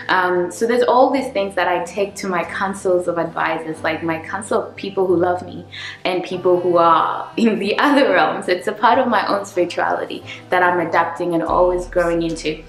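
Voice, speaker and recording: Reflective woman with a low voice in an echoey room. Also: steady tone, moderate pace. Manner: reflective, acts out her inner dialogue. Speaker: vlogger. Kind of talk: casual spiritual self-help talk.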